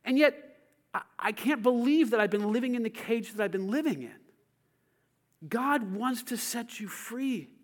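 A man preaching in a church with a high-pitched voice that leaps all over its range. He moves between soft, close lines and loud shouted calls to his congregation. It is a sermon delivered with full pastoral intensity. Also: expressive, normal speed. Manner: preaching with swings from quiet to shouted calls to the crowd.

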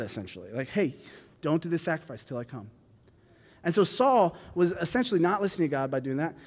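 High-voiced man teaching in a reverberant hall. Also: a little mellow. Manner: conversational, thinks aloud with fillers and restarts. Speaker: Bible teacher. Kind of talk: reading scripture then explaining it casually.

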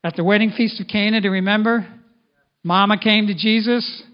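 A middle-aged male pastor preaching a sermon in an animated way, at times speaking in the first person as Jesus. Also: high voice, fairly quick. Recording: dull lo-fi sound.

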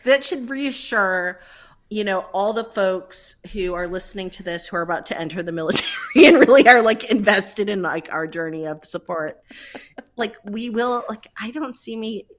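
Laughing, excitable woman podcast co-host. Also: mid-range voice, normal speed. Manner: laughing, excitable, swears freely. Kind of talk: casual chat.

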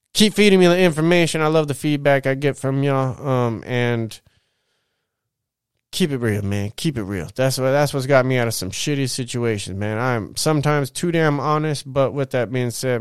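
A man's voice: mid-range voice, clear, resonant tone, no echo, clean studio sound. A man hosting a podcast, telling his own story in a candid, rambling way, swearing often and ending lines with "man". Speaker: podcast host. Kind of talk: casual monologue.

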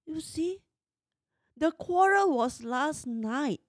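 A woman's voice: sits high, lively intonation, slow pace, dry recording, clean studio sound. Exasperated woman in her fifties. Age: 50s. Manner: emotional, exasperated retelling. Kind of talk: personal storytelling.

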